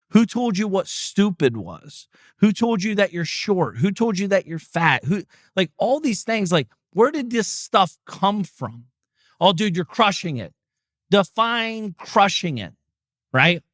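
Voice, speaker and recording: A man's voice: high-pitched, big pitch swings, unhurried, no room sound, studio quality. A middle-aged man hosting a podcast, giving a casual motivational talk full of rhetorical questions and swearing. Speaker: podcast host.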